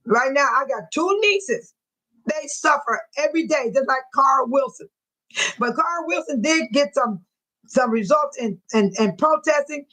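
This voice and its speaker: A woman's voice: sits high, fairly bright tone, poor audio. A woman hosting a casual livestream, talking to her viewers by name. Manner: emotional, talks to viewers by name. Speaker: livestream host.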